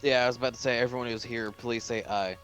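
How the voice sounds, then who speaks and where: A young man with a bright, clear voice is running a tabletop game as dungeon master. He chats casually and easily through turns and rules, and faint music plays in the background. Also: medium pitch, fairly even intonation, fast.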